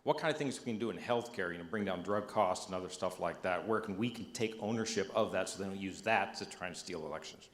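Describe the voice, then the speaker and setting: A man with a low voice asks a question from the audience, friendly and casual. He is heard in a roomy, echoing hall with a long reverb. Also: fast talker, few pauses, a bit bright. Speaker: audience member asking a question.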